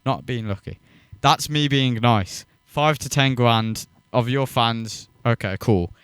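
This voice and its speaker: A man's voice: mid-range voice, slow pace, fairly bright tone, smooth, no room sound, clean studio sound. A man hosting a reaction video, mocking and swearing as he rants in scornful commentary.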